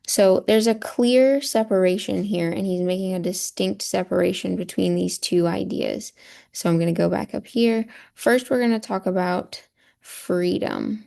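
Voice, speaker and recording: A woman's voice: mid-range voice, steady tone, measured pace, gravelly, warm tone. A woman teacher walking through a poem on a shared screen, patiently explaining and checking in with a rhetorical "right?". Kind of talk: screen-share lesson walkthrough.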